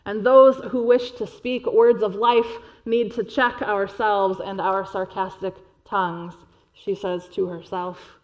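A woman pastor preaching a sermon in an earnest, measured way, dropping quietly for emphasis. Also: mid-range voice, steady tone, muffled recording.

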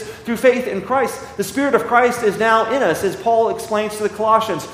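A man preaching a sermon as pastor, reading scripture slowly and with emphasis. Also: sits high, a bit bright. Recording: echoey hall, slight ambience.

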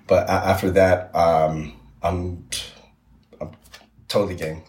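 A man's voice: low voice, flat delivery, slow pace, darkish tone, reverberant. A young man as a podcast guest, chatting casually and rambling with many fillers and restarts. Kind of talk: casual chat.

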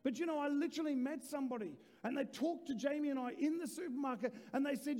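A man in his forties preaches with a high, mellow voice, swinging from quiet reflection to shouted, repeated emphasis and cheeky asides. His sermon rings with the long reverb of a large church hall. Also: quick pace, hardly any pauses. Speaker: pastor.

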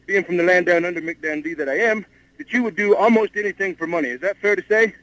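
A man's voice: high voice, fast talker, a bit bright, dry recording. A man playing a brash, pushy Australian game show host in a prank phone call, formally calling her ma'am over and over. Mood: pushy salesman. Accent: put-on Australian. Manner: relentless, formal, calls her ma'am constantly. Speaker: prank caller.

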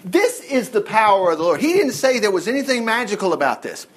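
High-pitched, lively man teaching the Bible. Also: fast. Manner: animated, folksy, digressive, with acted asides.

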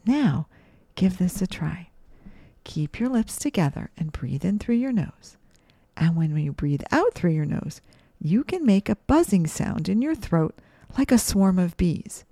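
Slow, mellow woman guiding kids' meditation. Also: lowish voice, big pitch swings, dry recording. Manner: slow, soothing, gently questioning. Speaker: mindfulness teacher for kids. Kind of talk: guided breathing meditation.

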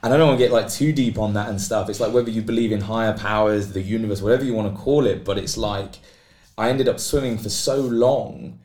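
A man's voice: lowish voice, fast talker. A man, a podcast guest telling a long story and acting out the voices of the people in it. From Britain. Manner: animated, acts out quoted voices. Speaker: guest athlete. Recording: roomy echo.

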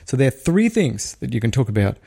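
A middle-aged Australian man hosting a casual solo podcast, speaking quietly with a wry, showman's repeated catchphrases. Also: medium pitch, big pitch swings, brisk, creaky, slightly rough, no echo, studio quality. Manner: hushed, talking quietly because a baby sleeps. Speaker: daily podcast host.

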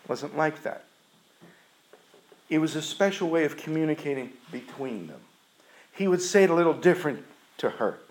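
A man's voice: a little high, lively intonation, normal speed, pauses often, rough recording. A man preaching a sermon, retelling a scripture story in an earnest, emphatic way.

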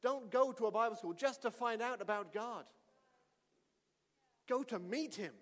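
A male pastor preaching a sermon and telling a story with lively delivery that rises to shouts. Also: very high-pitched, measured pace. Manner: animated storytelling, shouting at climaxes. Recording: long reverb of a hall.

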